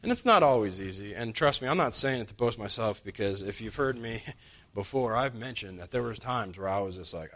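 A man preaching a sermon in a conversational way. He slows down to stress key lines and jumps up in pitch when he acts out what other people say. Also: fairly bright tone.

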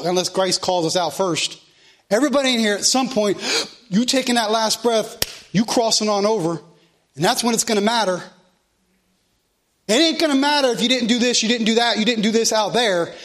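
High-voiced fervent preacher. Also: male voice. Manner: fervent, swings from loud reading to soft earnest pleading. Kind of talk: sermon. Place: church sanctuary.

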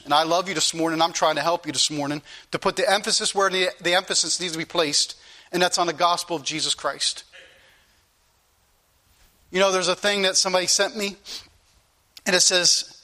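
High bright-voiced earnest male preacher. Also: fairly even intonation, brisk, pauses often. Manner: earnest, repetitive preaching that rises to pleading questions. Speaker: pastor. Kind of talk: sermon.

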